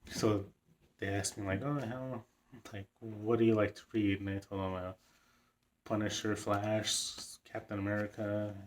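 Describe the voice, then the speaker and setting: A young man talks casually to the camera in a vlog, telling a story in a low voice. His delivery is fairly flat and level, rambling along with plenty of fillers and an occasional excited chuckle. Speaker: vlogger.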